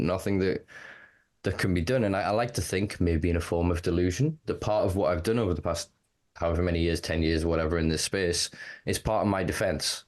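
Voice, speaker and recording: Candid, low-voiced man hosting a podcast. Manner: candid, animated, swears freely. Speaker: podcast host. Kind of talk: casual conversation.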